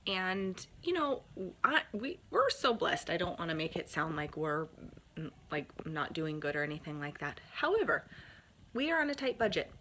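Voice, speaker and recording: Mom vlogging, bubbly and giggly, pretty low voice, faint room hum. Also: female voice, normal speed. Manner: bubbly, laughing, energetic. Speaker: mom sharing family tips. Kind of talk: casual chat to camera.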